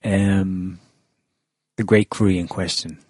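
Low husky guy hosting a chatty panel show, lots of ums, dry sound. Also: steady tone, takes it slowly, a little mellow, dry recording. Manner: chatty, many ums and restarts. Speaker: podcast host. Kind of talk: casual panel discussion.

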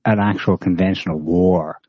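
A man's voice: sits low, steady tone, normal speed, no echo, lo-fi sound. A man co-hosting a podcast, cutting in with dry, skeptical questions. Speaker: podcast co-host. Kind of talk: casual chat.

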